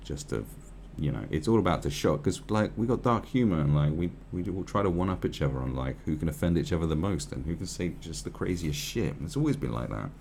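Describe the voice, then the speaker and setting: Deep, lively-voiced sarcastic man. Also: fast, gravelly, hardly any pauses, slight background noise. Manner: profane, rambling, sarcastic. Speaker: commentator. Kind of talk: commentary on a news article.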